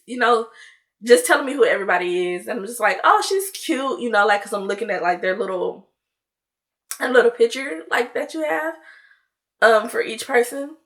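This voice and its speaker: A young woman telling a storytime tale to her viewers in a loose, chatty way, full of "like" and "you know", and lively when she acts out her own lines. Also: a little high, a little fast. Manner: animated when mimicking herself in dialogue. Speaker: vlogger. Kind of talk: casual storytime chat.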